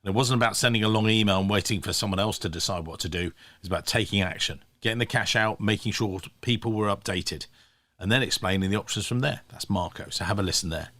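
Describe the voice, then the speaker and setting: A man's voice: lowish voice, quick pace, a bit bright. A man hosting a podcast, giving an upbeat scripted introduction to the episode. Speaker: podcast host.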